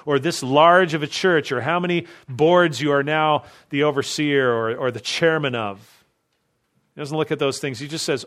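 A man's voice: fairly high pitch, fairly bright tone. A pastor delivering a teaching sermon in a slightly raised voice. He presses his listeners with emphatic runs of rhetorical questions. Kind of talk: expository sermon.

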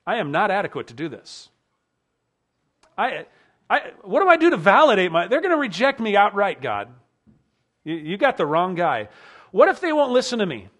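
A man's voice: high-pitched, sing-song, normal speed, fairly bright tone. A preacher acting out an overwhelmed ancient male leader who pleads in exasperated, self-doubting outbursts. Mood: pleading.

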